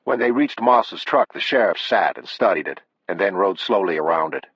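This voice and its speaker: A man narrating an audiobook in a measured, unhurried reading. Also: deep voice, expressive, fairly bright tone, husky, no echo. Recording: dull, dry lo-fi audio.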